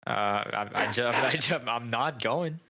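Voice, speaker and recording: A male player in a tabletop game talks hesitantly and stammers while he plans his character's moves. His voice is bright and edgy. It comes through a dull, lo-fi mic. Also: medium pitch, unhurried.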